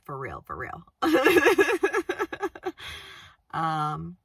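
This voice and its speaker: A woman's voice: high voice, wildly swooping pitch, drawn-out words, a bit bright, breathy edge, no room sound. A woman giving a casual tarot reading, chatty and blunt, swearing freely and laughing often. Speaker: tarot reader. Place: outdoors-ish on a windy day.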